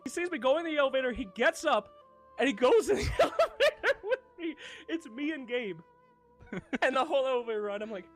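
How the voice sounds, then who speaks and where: A young man hosting a gaming video, telling a story casually and animatedly, swearing and jumping into excited quotes. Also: extremely high pitch, brisk, faint music behind.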